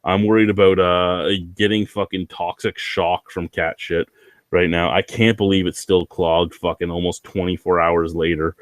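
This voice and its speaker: A man's voice: sits low, level tone, normal speed, dry recording. A man ranting in a casual vlog, rambling, swearing and sounding anxious. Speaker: vlogger.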